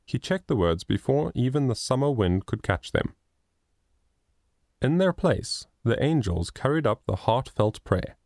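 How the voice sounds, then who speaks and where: A man narrating a moral children's story in a measured, expressive reading. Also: mid-range voice, no echo, studio quality. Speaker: audiobook narrator.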